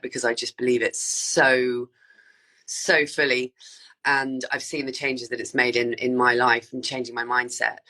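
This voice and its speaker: A woman's voice: a bass voice, fairly bright tone. A woman, co-hosting a casual chat, speaking earnestly and emphatically. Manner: earnest and emphatic about mindset. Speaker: podcast co-host.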